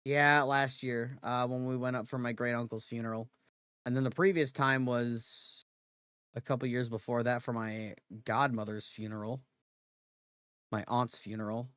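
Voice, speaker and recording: Relaxed rambling man chatting on stream. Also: medium pitch, moderate pace, clean tone, dry recording, clean studio sound. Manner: rambling, relaxed, repeats himself and self-corrects. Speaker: livestreamer. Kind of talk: casual chat.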